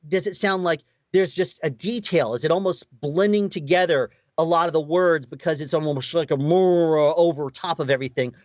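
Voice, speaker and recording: Higher-voiced man explaining microphones. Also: no echo. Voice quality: higher-pitched voice. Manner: explanatory, practical, rhetorical questions. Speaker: audio engineer guest. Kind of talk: interview advice.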